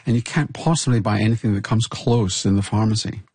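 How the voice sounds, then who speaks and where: A man, a health expert co-hosting a podcast, explaining in a measured way with frequent restarts. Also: fairly low pitch, a little mellow, breathy edge, dry recording.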